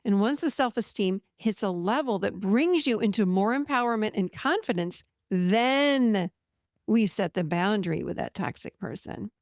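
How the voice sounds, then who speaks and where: A middle-aged woman talks straight to her listeners as a therapist and podcast host, her voice carrying a gravelly edge. She is direct and animated, acting out bits of stories as she goes. The sound is dry and close, with no room around it. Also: mid-range voice, moderate pace, dry recording. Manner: direct, animated storytelling, acts out client quotes. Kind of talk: casual podcast monologue.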